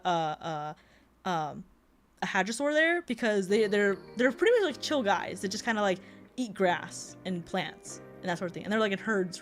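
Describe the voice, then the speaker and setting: A young woman VTuber streamer in casual, animated livestream chat, swearing and laughing often with lots of fillers. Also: mid-range voice.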